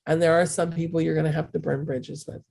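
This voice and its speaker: Mellow low-voiced woman teaching a live call. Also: little pitch movement, fast talker, vocal fry. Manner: chatty, frequent fillers and restarts, acts out others' voices in quotes. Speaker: spiritual healing teacher. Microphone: call recording.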